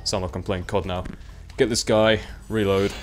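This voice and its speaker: A man's voice: lowish voice, flat delivery, moderate pace, faint music behind. A young man gives casual, rambling, self-mocking commentary while playing a video game. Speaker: let's play commentator.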